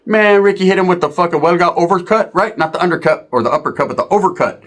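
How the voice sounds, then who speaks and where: A man's voice: high-pitched, fast talker. A man telling a profane street story, acting out the other people's voices. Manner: animated, profane, acts out voices.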